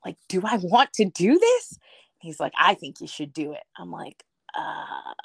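A woman telling a personal story as an interview guest, animated, acting out the voices of the people she quotes, with lots of "like". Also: on the low side, measured pace, creaky, slightly rough, no echo, clean studio sound. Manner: frequent "like" fillers.

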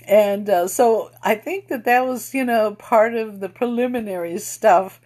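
A middle-aged woman telling a personal story in a casual, unhurried, reflective way, with many pauses and fillers. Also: medium pitch, darkish tone. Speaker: storyteller recounting UFO experiences.

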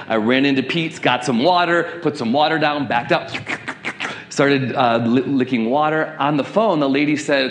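A middle-aged man preaching a sermon, telling a personal story in an animated way and acting out the voices of people in it. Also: mid-range voice, normal speed, reverberant. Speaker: pastor. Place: church sanctuary.

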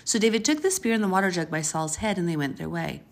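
A woman's voice: on the low side, big pitch swings, fast talker, creaky. A woman reading a Bible passage aloud and stopping often to explain it in an earnest, chatty way. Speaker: Bible teacher.

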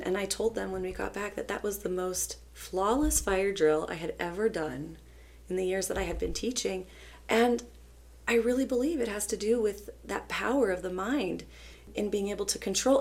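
Woman teacher, co-host; conversational storytelling with a touch of vocal fry, voice rising when excited. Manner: animated storyteller, quotes students in soft low tones.

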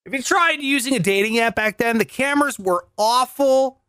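A man's voice: very high voice, normal speed, clear, resonant tone, no echo, studio quality. A man performing a sarcastic comic monologue at home, delivering punchy jokes. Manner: sarcastic, punchy joke delivery, lively voice swings. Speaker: comedian host. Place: home, recording alone.

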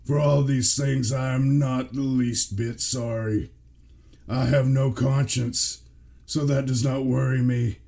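A man voicing a remorseless adult male murderer in a slow, cold, deliberate way. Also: medium pitch, fairly even intonation, vocal fry, warm tone. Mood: menacing.

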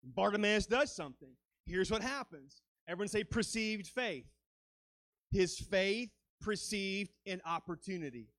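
A man's voice: high voice, animated, measured pace, a bit bright, dry recording. A man preaching a sermon as a guest speaker, fervent and dramatic, rising and falling as he acts out quoted lines.

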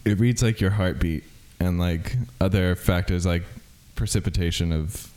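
A man's voice: sits low, moderate pace, a little mellow. A man co-hosting a podcast in casual chat, joking crudely and laughing often. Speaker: podcast co-host.

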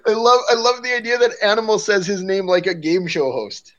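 A man's voice: high-pitched, steady tone, fairly quick, a bit bright. A man co-hosting a podcast in casual chat, musing aloud with hesitant restarts. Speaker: podcast co-host. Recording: dull lo-fi sound.

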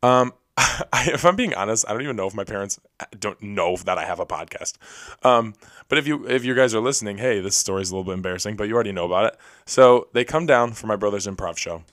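A young man hosting a podcast alone, telling stories in a rapid, rambling, self-deprecating way. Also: on the low side, fairly bright tone, no room sound, studio quality. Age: young adult. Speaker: podcast host. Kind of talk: casual solo storytelling. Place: recording alone.

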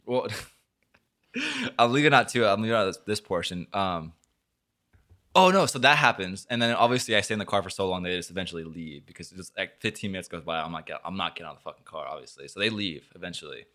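A man's voice: sits low, big pitch swings, fairly quick, pushed and bright. A young man, a podcast host, telling a story in casual chat, rambling and swearing with lots of filler words. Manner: rambling, swears a lot, full of filler likes.

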